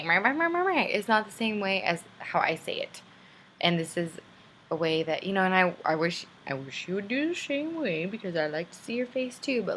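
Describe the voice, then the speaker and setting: Young woman, twenties, low voice, candid rambling video letter, faint hiss. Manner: rambling, candid and self-deprecating. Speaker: vlogger.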